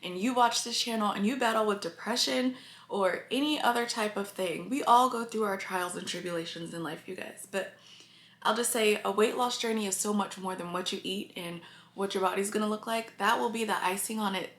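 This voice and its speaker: A woman speaks straight to her viewers in a confiding, heartfelt way, emotion close to the surface. Her voice sits at an ordinary middle pitch. The room around her rings with noticeable echo. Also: fairly quick, a bit bright. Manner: earnest and confiding, addresses viewers often. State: emotional, near tears. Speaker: vlogger. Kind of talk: casual talk to camera. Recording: echoey room.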